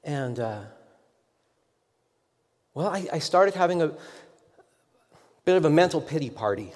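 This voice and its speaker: A man's voice: fairly high pitch, lively intonation, unhurried, darkish tone. A man preaching a sermon as a pastor, telling a story in a rambling, self-deprecating way with many restarts. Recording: long echoing hall reverb.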